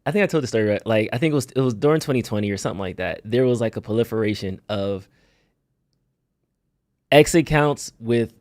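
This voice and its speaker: A man's voice: fairly low pitch, expressive, brisk, a little mellow, no echo, studio quality. A man co-hosting a live talk show, explaining his point in an easygoing, casual way and sometimes acting out quoted speech. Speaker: show co-host.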